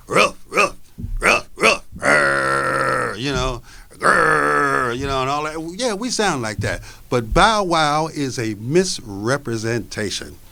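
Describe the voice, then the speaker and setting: A man's voice: medium pitch, gravelly, fairly bright tone, full character voice. A man voicing a big male Great Dane who gives an earnest speech to a crowd of dogs, in spoken word storytelling. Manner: earnest speechmaking, repeating points.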